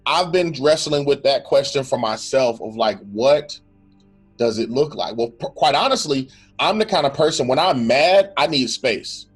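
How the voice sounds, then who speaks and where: A man's voice: mid-range voice, animated, moderate pace, breathy edge, soft background music. A man co-hosting a casual faith-based talk, earnest and reflective, often acting out what someone might say. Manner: earnest and reflective, quotes imagined speech, restarts often. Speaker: podcast co-host.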